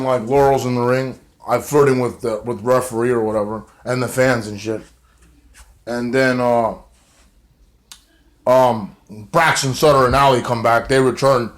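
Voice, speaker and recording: Casual male wrestling reviewer, mid-pitched, loose and rambling, swears freely. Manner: rambling, many fillers, swearing. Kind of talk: casual recap vlog.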